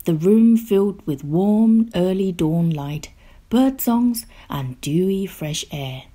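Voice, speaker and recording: Woman reading a kids book, slow and soft, lots of ups and downs, bit breathy. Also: fairly low pitch. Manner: slow, gentle and expressive, drops to a hush. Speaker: storyteller. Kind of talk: children's picture book read-aloud.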